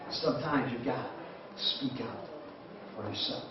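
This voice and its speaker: A man's voice: fairly high pitch, normal speed, a little hiss or hum. A man preaching a sermon, retelling Bible stories with impassioned exhortation. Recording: echoey hall, distant muffled mic.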